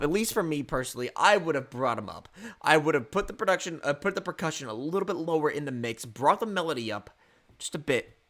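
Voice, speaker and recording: A man's voice: on the high side, expressive, fast talker, a bit bright. A man giving casual, rambling reaction commentary on an album, repeating himself and swearing freely. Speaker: album reviewer.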